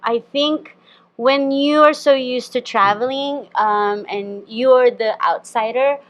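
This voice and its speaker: A woman from the Philippines who hosts a podcast and owns a donut shop, chatting in a friendly way and agreeing readily. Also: fairly high pitch. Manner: friendly, quick to agree and laugh. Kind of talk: casual podcast chat.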